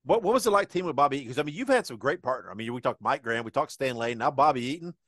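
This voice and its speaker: A man hosting a podcast, asking eager, rapid questions and rephrasing as he goes. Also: medium pitch, lively intonation, a bit bright, dry recording, clean studio sound. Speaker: podcast host. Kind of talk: interview questions.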